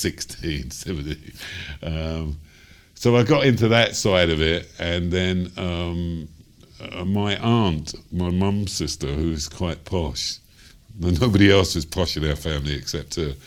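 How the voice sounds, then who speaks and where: Very deep-voiced older Cockney man. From London, England. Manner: rambling, many ums and you-knows, chuckles as he talks. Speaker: jazz singer. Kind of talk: interview storytelling.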